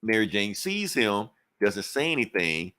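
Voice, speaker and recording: Man, low-pitched, casual podcast recap, profane, acts out character lines. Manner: animated retelling with quick voices for characters; profane, loose and conversational. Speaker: podcast co-host. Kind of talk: casual comic book recap.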